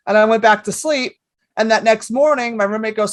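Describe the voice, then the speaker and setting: A woman in her fifties, a comedian guest on a podcast, telling stories in a lively way and swearing freely. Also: medium pitch, fast talker, no room sound. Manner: animated storyteller, swears freely. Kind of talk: casual podcast chat.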